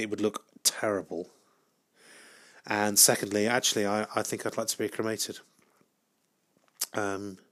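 Deadpan man rambling solo. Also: lowish voice. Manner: deadpan, self-mocking, hesitant with many restarts. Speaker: podcast host. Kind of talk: rambling solo comic monologue.

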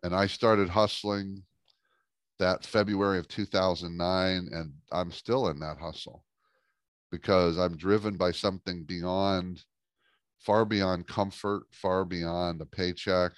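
Low-voiced man telling a lively story. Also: slow, clear, resonant tone, no echo, studio quality. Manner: lively storyteller who acts out dialogue. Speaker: business coach and speaker, guest. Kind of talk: storytelling in an interview.

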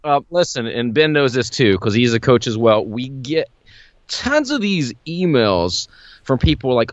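A man hosting a singing podcast as a vocal coach, talking in a casual, animated way and acting out quotes. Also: measured pace, muffled recording. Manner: animated, acts out quotes with big pitch jumps. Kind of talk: casual chat.

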